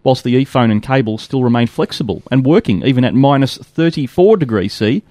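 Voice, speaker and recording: A man co-hosting a casual tech podcast, reading listener letters aloud in a steady, even way. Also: medium pitch, a little fast, no room sound.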